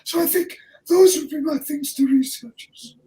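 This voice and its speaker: A man's voice: very high-pitched, normal speed, warm tone. An older man from Ayrshire with a Scottish accent, giving earnest, plain-spoken interview answers as an honorary professor. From Ayrshire, Scotland. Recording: distant from the mic.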